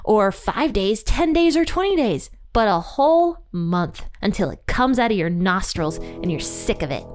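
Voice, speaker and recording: A woman's voice: mid-range voice, animated, a little slow, soft background music, close to an everyday voice. A woman voicing a snarky, sarcastic all-powerful male deity, close to her everyday voice.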